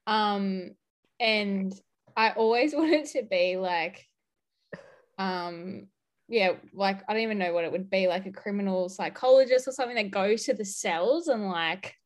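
A woman's voice: mid-range voice, a little slow. A woman co-hosting a podcast, chatting casually and laughing often. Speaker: podcast co-host.

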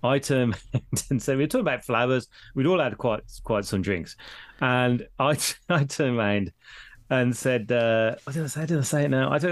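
A man's voice: mid-range voice, moderate pace. A middle-aged man from Britain, a guest in casual chat, who rambles, restarts often and laughs a lot while telling stories. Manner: rambling, laughs often, voices others in anecdotes.

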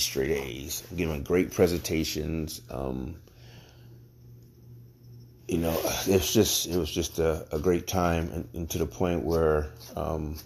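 A man hosting a podcast, telling his own story in a casual, halting way with frequent pauses and restarts. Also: a bass voice, darkish tone. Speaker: podcast host.

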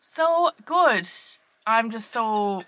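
Bright, chatty woman podcaster. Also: fairly high pitch, lively intonation. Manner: chatty, laughing, fast storytelling with many fillers. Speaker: podcast co-host. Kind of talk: casual chat.

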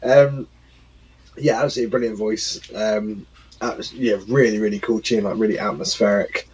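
A man's voice: fairly low pitch, steady tone, normal speed, slightly rough, highs cut off. A man co-hosting a music show, rambling casually about songs and albums he loves. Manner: chatty, rambling, lots of ums and laughs.

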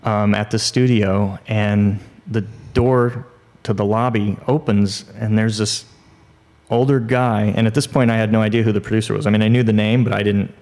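A low-pitched male screenwriter tells a casual podcast story. He is animated and full of quick restarts and fillers. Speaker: guest, screenwriter and TV producer.

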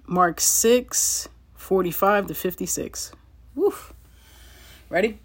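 A woman's voice: medium pitch, takes it slowly, husky. A woman reading Bible passages aloud and breaking off into chatty asides to her listeners, often laughing as she goes. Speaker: Bible teacher. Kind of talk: casual Bible reading with commentary.

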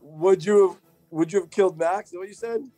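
A man with a fairly high but warm, mellow voice joins in a casual podcast chat. He swears freely and gushes about the scenes he loves, over faint music. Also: fairly even intonation, a little fast. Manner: profane and enthusiastic. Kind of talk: casual movie discussion.

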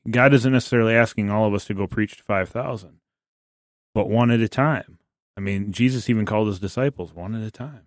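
A man with a low voice co-hosts a church podcast. He talks earnestly and reflectively. The recording is close and dry, with no room sound. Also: no echo. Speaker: podcast co-host. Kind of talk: casual church podcast chat.

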